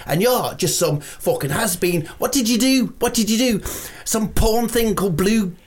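A performer doing a gravelly, hot-headed psychic. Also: mid-range voice, lively intonation, normal speed. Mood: ranting. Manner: swears constantly, flies into sudden rages. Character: foul-mouthed, volatile male psychic medium, vain and touchy. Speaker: podcast guest. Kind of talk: improvised comedy character.

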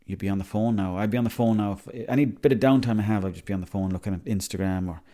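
A fast-talking Irish man with a lowish, mellow voice rambles as host of his own podcast. It's a chatty, casual solo monologue, and he swears freely.

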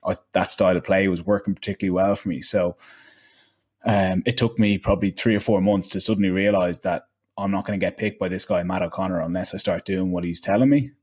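Deep husky man recalling past seasons. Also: fairly even intonation, quick pace, darkish tone. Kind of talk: casual chat.

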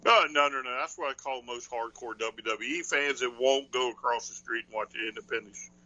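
A man's voice: mid-range voice, a little fast, bright, forceful tone, poor audio. A man co-hosting a casual wrestling podcast, blunt and teasing in his remarks. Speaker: podcast co-host.

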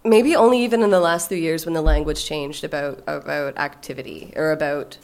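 A woman in her forties speaks as a podcast guest in a candid, conversational way. She is frank and swears freely, laughing as she tells her story. Her voice sits a little low for a woman. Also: a little fast, darkish tone.

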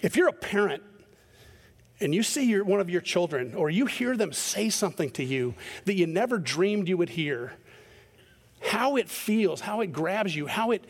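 Middle-aged pastor preaching in a reverberant hall. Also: male voice, sits high, breathy edge. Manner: conversational and self-deprecating, acting out voices in stories. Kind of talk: sermon with storytelling. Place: church sanctuary.

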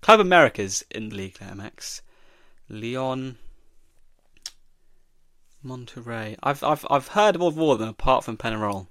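Male host, young, mid-pitched, dry recording; muses his way through a play-along quiz. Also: lively intonation, a little slow, long pauses, a bit bright, dry recording. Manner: thinks aloud, reading questions and guessing. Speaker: podcast host. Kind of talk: solo football quiz podcast.

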